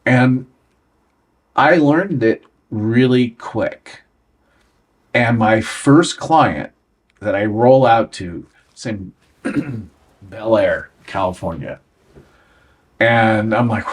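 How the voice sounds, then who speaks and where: Speaking in a fairly low voice, this guest draws out his words and pauses often. He's an American in his sixties on an interview program, sharing anecdotes from his working life and performing the quoted lines himself.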